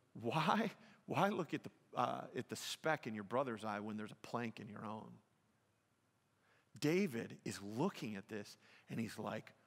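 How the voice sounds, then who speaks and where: Animated preaching man in a reverberant hall. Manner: animated preaching, voice climbing high and loud at dramatic points. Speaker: pastor. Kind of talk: sermon.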